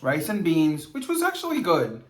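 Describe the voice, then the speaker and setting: A man's voice: on the high side, wildly swooping pitch, moderate pace, roomy sound, very noisy. A man co-hosting a vlog, chatting in a campy, sassy way and calling people girl and honey. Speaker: vlogger co-host. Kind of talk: casual chat review.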